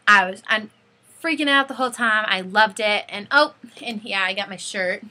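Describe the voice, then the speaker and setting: A teenage girl telling an excited fan story in a casual vlog, gushing and saying "like" constantly. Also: medium pitch, moderate pace. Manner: gushing, breathless, says like constantly. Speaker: fan vlogger.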